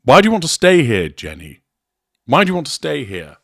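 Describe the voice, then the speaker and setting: A man's voice: a little high, huge pitch swings, brisk, gravelly, a bit bright, no room sound, studio quality, pitched above the performer's own voice, full character voice. A man reading out a frustrated, insistent man. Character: frustrated man pleading with his partner.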